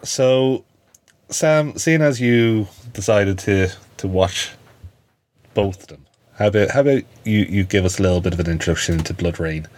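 A man's voice: lowish voice, normal speed, darkish tone. A man hosting a podcast, chatting casually and leading the segments like a friendly presenter. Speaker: podcast host. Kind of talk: casual chat.

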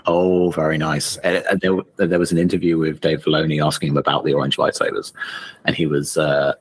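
A man's voice: very deep voice, little pitch movement, brisk, husky. A man co-hosting a podcast, chatting casually in a wry, playful way. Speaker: podcast co-host. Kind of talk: casual chat.

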